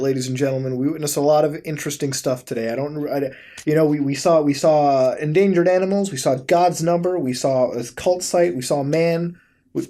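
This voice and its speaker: A man hosting a casual commentary while browsing websites, rambling and swearing freely, often breaking into high-pitched laughter. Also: mellow. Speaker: host.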